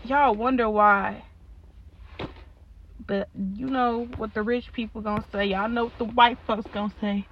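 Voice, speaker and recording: A woman's voice: fairly high pitch, steady tone, measured pace, dull audio, a little hiss or hum. A young woman hosting a solo podcast, venting in a blunt, profane, exasperated way, laughing now and then. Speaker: podcast host.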